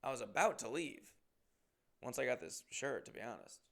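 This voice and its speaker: A comedian from Massachusetts telling a rambling, profane story in a casual way and acting out what people said. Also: male voice, mid-range voice, sing-song, moderate pace, vocal fry, a bit bright. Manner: rambling, profane, acts out quotes. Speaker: comedian and podcast host.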